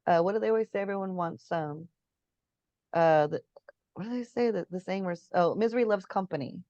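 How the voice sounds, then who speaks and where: A woman's voice: medium pitch, mellow, no echo, dull audio. A woman in a casual spiritual chat, telling stories, acting out quotes and searching for words as she goes. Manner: chatty storyteller, acts out quotes, searches for words. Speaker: guest.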